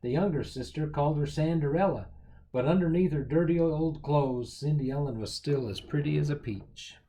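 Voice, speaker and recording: A man reading a picture book aloud as a storyteller, with lively, expressive storytelling. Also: fairly high pitch, normal speed, slight background noise, poor audio.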